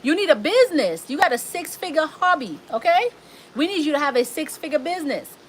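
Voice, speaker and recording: A woman's voice: high voice, lively intonation, brisk, a little hiss or hum. A woman with a Southern US accent, coaching a live audience on business credit, emphatic and repeating her key points. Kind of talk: live stream Q&A.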